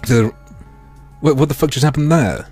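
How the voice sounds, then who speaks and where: A man streaming a video game, reading its text aloud in a mock-dramatic way with sardonic, swearing asides, his throat strained and often cleared. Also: mid-range voice, normal speed, darkish tone, soft background music. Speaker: gaming streamer.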